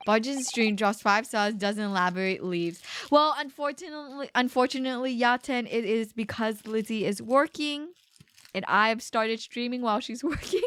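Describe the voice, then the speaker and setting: Playful woman streamer, fairly high voice. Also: normal speed, a bit bright, no echo. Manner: playful, chatty, talking while eating. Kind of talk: casual gameplay commentary. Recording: background game music.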